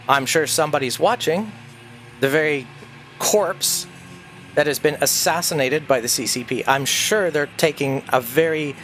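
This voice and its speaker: An older man on a livestream, ranting intensely in an emphatic monologue, repeating phrases for emphasis. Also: on the high side. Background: faint dark ambient music.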